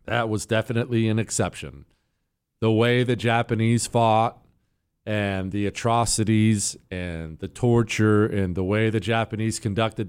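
A man hosting a talk radio show, chatting casually and reading listener emails, his voice jumping up when he sounds incredulous. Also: smooth. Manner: animated, swings high when incredulous.

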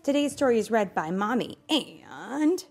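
A young adult mother reading a bedtime storybook aloud, animated, with playful asides. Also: on the high side, unhurried.

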